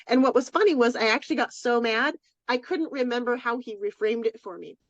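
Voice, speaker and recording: A woman's voice: on the high side, brisk, no echo. A woman co-hosting a podcast, openly telling a personal story in casual chat with many restarts. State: tearful. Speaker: podcast co-host. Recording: dry, dull lo-fi sound.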